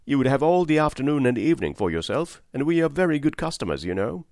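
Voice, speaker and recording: Smooth-talking gentleman customer read by a male narrator, polite and persuasive, close and dry. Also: medium pitch, very animated, quick pace, no echo, voice pushed up. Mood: coaxing. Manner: polite, coaxing.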